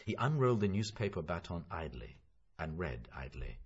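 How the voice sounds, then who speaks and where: A man narrating a literary audiobook with an expressive, rhythmic reading. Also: low voice, moderate pace, husky. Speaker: audiobook reader. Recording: dull lo-fi audiobook recording.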